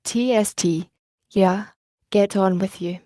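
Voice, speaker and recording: A woman's voice: mid-range voice, steady tone, slow pace, dark tone, no echo, clean studio sound, natural voice. A woman reading the part of an irritable, cursing male stagecoach driver. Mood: irritated. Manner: cursing, impatient.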